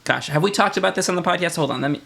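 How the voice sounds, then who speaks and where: A man's voice: sits high, very fast, creaky, a loud crowd. A man with a Michigan accent, co-hosting a podcast in casual chat, rambling with many restarts and acting out phrases. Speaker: podcast co-host.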